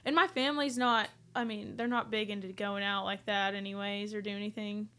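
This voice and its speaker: A woman's voice: mid-range voice, fairly even intonation, brisk, pushed and bright, smooth. A young woman from Oklahoma with an Oklahoma accent, a country singer chatting as a podcast guest, giggly and chatty with fillers. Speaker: country music artist, guest. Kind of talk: casual chat.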